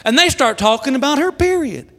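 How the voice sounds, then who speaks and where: A middle-aged man doing a stand-up comedy routine on stage, animated and shouting exasperated punchlines. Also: extremely high pitch, fairly quick, in a large hall, very noisy. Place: comedy club stage with audience. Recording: live club recording with crowd laughter.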